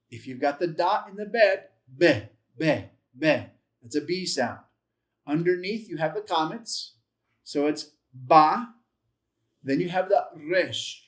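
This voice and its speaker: A man with a fairly high-pitched voice leads a patient, step-by-step lesson. He sounds out each letter slowly and repeats syllables several times. He corrects his own slips with light, self-deprecating humor. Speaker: Bible Hebrew teacher. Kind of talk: classroom-style language lesson.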